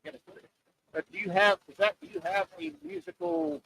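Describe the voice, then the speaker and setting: Guy hosting radio live from an open air bar, gravelly voice, pitch jumps everywhere, goofy and rambling. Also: fast talker, a little hiss or hum, poor audio. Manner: animated, jokey, rambling. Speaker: radio show host. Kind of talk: casual radio chat.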